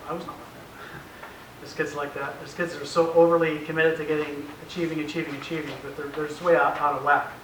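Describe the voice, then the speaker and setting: Bright-voiced man in an echoey room. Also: a little high, little pitch movement, quick pace. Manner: anecdotal, acts out family dialogue, chuckles often. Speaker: speaker at a parent presentation. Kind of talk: informal presentation to parents. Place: meeting room with an audience. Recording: roomy echoey room, faint hiss, mic far off.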